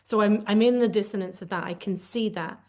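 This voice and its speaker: A woman's voice: medium pitch, fairly quick, a little mellow. A woman co-hosting a conversational podcast, speaking candidly and reflectively as she searches for the right words. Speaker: podcast co-host.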